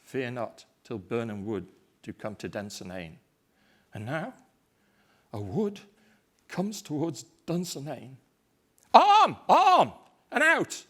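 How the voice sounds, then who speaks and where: A man performing Macbeth, a desperate, raging Scottish king, in a dramatic stage recitation that moves from hushed despair to shouting fury. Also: fairly high pitch, very animated, slow pace, long pauses, heavily acted. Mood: grim resolve.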